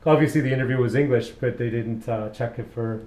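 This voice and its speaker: A barber with a medium-pitched, fairly even, slightly mellow voice talks fast while cutting hair. He chats casually and rambles through stories, repeating phrases, and the room sounds echoey.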